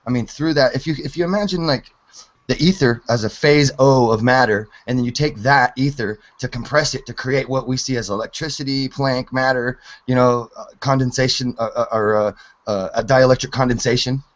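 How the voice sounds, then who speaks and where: A man's voice: medium pitch, fairly even intonation, brisk, muffled recording. A man in his forties rambling casually about physics theories, swearing and laughing often. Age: 40s. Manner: rambling, profane, laughs a lot. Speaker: hangout participant.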